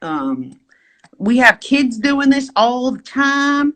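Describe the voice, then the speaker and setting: A woman's voice: high-pitched, big pitch swings, takes it slowly, fairly bright tone, voice pushed up, full character voice. A woman voicing a hyper, chipper male trail guide who drawls eagerly and keeps reassuring people. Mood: upbeat.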